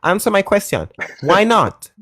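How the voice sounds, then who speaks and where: A man's voice: sits high, big pitch swings, a little slow, fairly bright tone, no room sound, clean studio sound. A man hosting a live debate stream, sarcastic and mocking, interrupting guests often. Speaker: debate livestream host.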